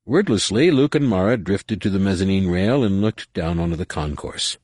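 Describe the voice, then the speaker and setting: A man reading an audiobook novel aloud in a measured, low-key manner. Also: lively intonation, darkish tone, slightly rough, dry recording. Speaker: audiobook narrator. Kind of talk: scripted narration.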